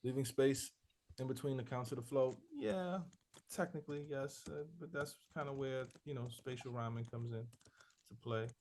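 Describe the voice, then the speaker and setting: At a normal speed and with a slightly mellow, medium-pitched voice, the rap rhythm instructor runs a casual class review over slight background noise. He repeats student answers and scats out syllable patterns to illustrate flows.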